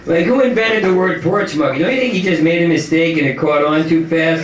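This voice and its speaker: A stand-up comic, delivering manic, profane rants, often shouting and laughing. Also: male voice, fairly high pitch, a little fast, few pauses, distant mic, slight background noise. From New York. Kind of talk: stand-up comedy. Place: comedy club. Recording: roomy club recorded from afar with crowd.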